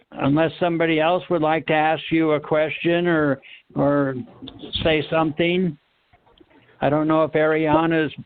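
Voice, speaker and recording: A man hosting a call-in talk, speaking haltingly with many pauses. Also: a little high, smooth, no room sound. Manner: halting, many ums and restarts. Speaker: host. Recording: tinny phone line.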